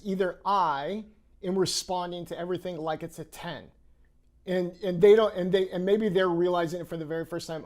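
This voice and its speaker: A male host with a high-pitched voice asks his guest engaged follow-up questions. He speaks in a plain conversational way. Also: normal speed, a little mellow. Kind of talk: interview questions.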